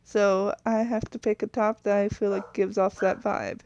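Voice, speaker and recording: A woman's voice: medium pitch, level tone, moderate pace, a little mellow, dry recording, dull audio. A woman casually narrating as she designs a character, rambling, correcting herself and trailing off, sometimes apologetic. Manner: chatty and apologetic. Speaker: video creator.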